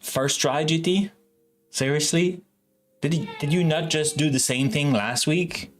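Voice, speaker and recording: Slow, rambling male stream host. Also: on the high side, soft background music. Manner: rambling, self-correcting, chatty with viewers. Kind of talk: casual live-stream chat.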